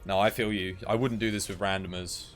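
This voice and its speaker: A man's voice: sits low, fairly even intonation, brisk, a bit bright, soft background music. A tired man, chatting casually while live-streaming a game and giving gear advice. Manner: chatty, laid-back, gives gear advice.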